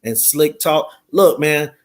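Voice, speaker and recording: A man's voice: fairly high pitch, slow pace. A middle-aged man talking earnestly in a casual discussion, often adding "man" and "you know". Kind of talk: casual talk show discussion.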